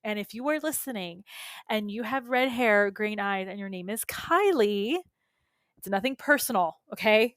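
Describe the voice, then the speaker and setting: A woman's voice: medium pitch, expressive, normal speed, a bit bright, no room sound, clean studio sound. A woman coach and podcast host teaching in a casual, earnest and emphatic way, with frequent asides to her listeners. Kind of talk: solo podcast teaching talk.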